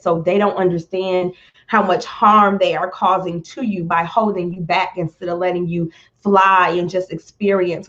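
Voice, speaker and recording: A woman speaks on a live stream in an earnest, emotional way, close to tears. She talks very slowly and often repeats words as she searches for them. The sound is slightly muffled, as from a phone or laptop mic. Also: mid-range voice, a bit bright. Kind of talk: heartfelt live-stream talk.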